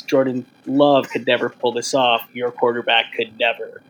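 A man's voice: medium pitch, steady tone, background noise. A man who is a guest on a podcast, easygoing and teasing in casual chat. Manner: easygoing, teasing, quick agreements.

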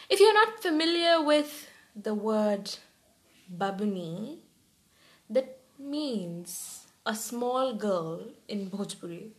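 A young woman chatting casually to her viewers, quick to stammer when flustered. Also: medium pitch. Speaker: vlogger and podcaster. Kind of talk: casual chat to camera.

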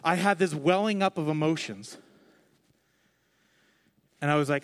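A man preaching a conversational sermon from the stage, telling his own story candidly with lively, expressive delivery. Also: fairly high pitch, unhurried, pauses often. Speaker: pastor. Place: on stage before a congregation.

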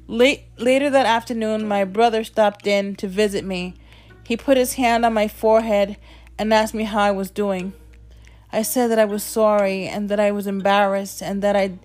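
Emotional woman telling her own story. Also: mid-range voice. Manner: emotional, dramatic pauses. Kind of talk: personal storytelling over music. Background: soft music.

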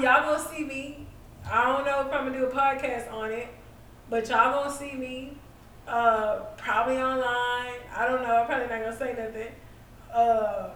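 A woman's voice: a little high, a bit bright, reverberant, far from the mic, slight background noise, poor audio. A woman hosting a casual faith podcast, rambling and repeating herself and laughing often. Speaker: podcast host.

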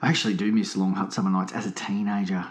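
A man's voice: low-pitched, level tone, fast talker, reverberant. A man co-hosting a podcast, telling rambling comic stories in casual banter. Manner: rambling storytelling, chatty. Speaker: podcast co-host.

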